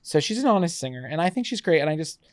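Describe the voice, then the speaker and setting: A man co-hosting a podcast, talking in a breezy, animated way. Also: fairly high pitch, very fast, no room sound, clean studio sound. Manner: animated, breezy, lots of fillers. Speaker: podcast co-host. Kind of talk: casual podcast chat.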